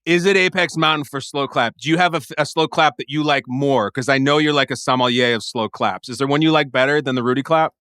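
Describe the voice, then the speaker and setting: A man talking in an animated, joking way on a podcast, often swearing. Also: mid-range voice, fast talker, few pauses, clear, resonant tone, no echo, clean studio sound. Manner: animated, profane, jokey. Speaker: podcast guest. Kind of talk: casual chat.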